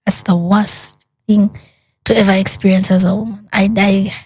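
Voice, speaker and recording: An earnest woman shares a hard personal story as a guest. She talks in a lively way, slipping into the voices of the people she quotes. Her voice sits in an ordinary middle pitch. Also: normal speed, slightly rough. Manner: animated retelling with quoted dialogue, earnest.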